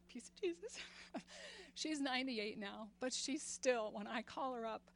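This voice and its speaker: A woman in her sixties giving an earnest faith talk to a group, laughing often and growing animated when she retells stories. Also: on the high side, unhurried, slight background noise. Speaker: women's ministry speaker.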